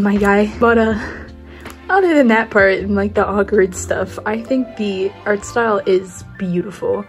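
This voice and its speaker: Raspy late-teen woman, hushed rambling vlog chat at home, faint music behind. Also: medium pitch. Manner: quiet, hushed, rambling with fillers. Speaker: art vlogger. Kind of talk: casual sketchbook tour chat. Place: at home indoors.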